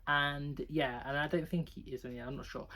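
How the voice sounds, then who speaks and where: This book vlogger is a man with a rather high, steady voice that sounds pushed and bright, talking at a moderate pace. He chats casually through book reviews, rambling, giggling, and dropping "like" everywhere.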